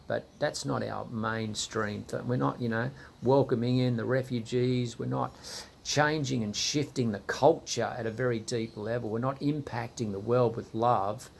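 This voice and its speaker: A man gives a casual preaching talk with a strongly gravelly, fry-heavy voice. His pitch sits in the middle. He sounds exasperated and emphatic, rambling with lots of "you know"s, over faint hiss. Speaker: church leader.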